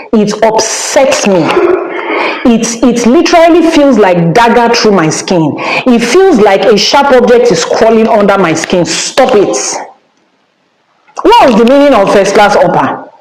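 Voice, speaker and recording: A woman's voice: fairly high pitch, lively intonation, a little slow, darkish tone, echoey room, a little hiss or hum, poor audio. A Nigerian woman with a Nigerian accent, giving a spiritual teaching as an Ifá priestess in an emphatic, scolding manner and dropping in Yoruba phrases.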